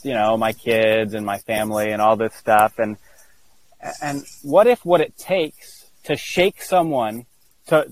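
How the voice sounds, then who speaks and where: Earnest, halting man telling a story. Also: a little high, low-quality recording. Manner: halting, full of restarts and fillers, earnest. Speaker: guest. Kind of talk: candid interview storytelling.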